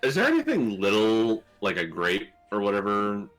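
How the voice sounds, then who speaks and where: Male player, lowish pitch, bright edge, lively delivery. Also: moderate pace, music in the background, low-quality recording. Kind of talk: casual chat at a tabletop game.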